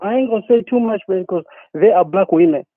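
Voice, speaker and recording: A man's voice: high voice, fairly quick, no echo. Fired-up man ranting down a phone line. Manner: profane, repetitive, worked-up. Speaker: caller. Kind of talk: angry phone-in rant.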